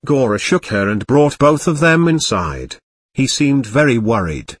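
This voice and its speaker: Un homme lit un récit à la première personne, d'un ton simple et régulier. Sa voix est légèrement voilée, un peu rauque. La prise de son est sèche et proche, sans écho. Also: male voice, mid-range voice, sing-song, unhurried, breathy edge, dry recording. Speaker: narrator. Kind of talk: first-person storybook reading.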